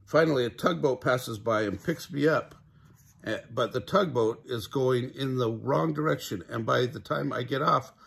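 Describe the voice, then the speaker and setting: A man's voice: mid-range voice, normal speed, creaky, fairly bright tone, slight background noise. An older man voicing an anxious walrus who rambles on about every possible disaster, read from a children's storybook. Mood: worked-up.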